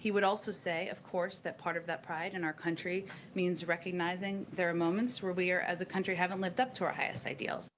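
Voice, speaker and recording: Fast-talking woman at a press briefing. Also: fairly low pitch, steady tone, slight background noise. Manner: measured, official phrasing. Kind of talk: formal press briefing statement.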